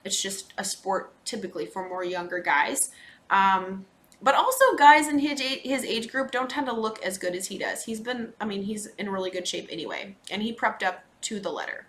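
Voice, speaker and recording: A woman from Minnesota, a podcast host, telling a casual and animated personal story with laughs and asides. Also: medium pitch, moderate pace.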